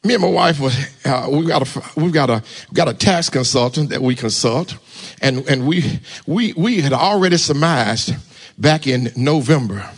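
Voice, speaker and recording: A married man preaching a testimony sermon, telling a story and calling on the congregation to talk back, with sudden shouts. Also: mid-range voice, lively intonation, normal speed, slightly rough. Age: adult, married. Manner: call-and-response, urging the congregation to answer.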